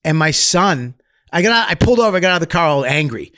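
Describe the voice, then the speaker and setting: A man guesting on a podcast tells personal stories with lots of swearing, his voice lifting into loud, animated bursts before falling back to near-murmurs. His voice sits a little high for a man. The sound is close and dry, with no room echo. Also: very fast. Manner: profane, animated, swings loud and soft. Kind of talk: candid storytelling.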